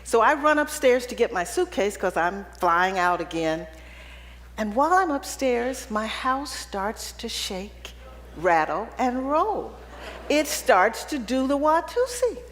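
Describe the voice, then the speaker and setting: Slow and sing-song, a woman's slightly high voice carries through an event hall as she gives a keynote to an audience. She tells personal stories with humor in a conversational manner, often adding "right?". The recording has long hall reverb and slight background noise.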